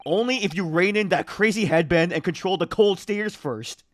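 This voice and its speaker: A man's voice: high-pitched, normal speed, pitched above the performer's own voice, lightly acted. A man voicing an earnest, flustered young male student on trial in a video game.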